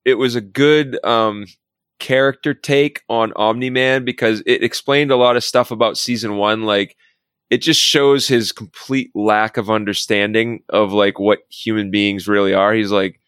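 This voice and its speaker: A man's voice: lowish voice, normal speed, fairly bright tone, clean tone, no room sound, studio quality. A man in casual podcast chat who acts out quoted lines as he retells scenes. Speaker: podcast co-host.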